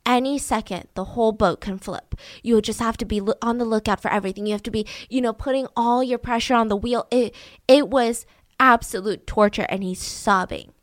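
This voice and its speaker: Animated woman telling a true story. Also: on the high side, a little fast, no room sound, clean studio sound. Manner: animated, acts out voices. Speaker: podcast host. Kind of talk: storytelling true-crime narration.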